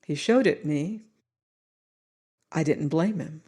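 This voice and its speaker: A woman's voice: sits low, takes it slowly, pauses often, warm tone, breathy edge. Woman narrating an audiobook. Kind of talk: scripted story narration.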